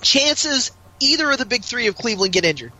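A man co-hosting a podcast, chatting casually about basketball, asking questions and throwing in quick asides. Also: very high-pitched, sing-song, pushed and bright, rough recording. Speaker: podcast co-host. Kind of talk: casual sports chat.

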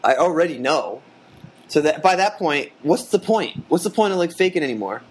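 A man chatting casually about a TV episode, quick and enthusiastic with lots of filler words. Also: fairly high pitch, animated, slightly rough.

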